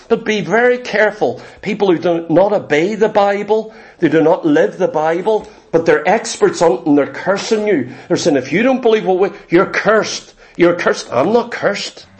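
A man preaching a sermon with forceful, emphatic delivery and repeated phrases. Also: high-pitched, moderate pace.

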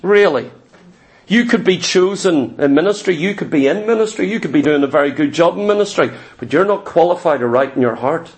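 Man, high-pitched voice, pastor preaching a sermon, emphatic, rhetorical questions, stumbles over the first words of phrases. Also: animated, a little fast. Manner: repeats words when starting phrases.

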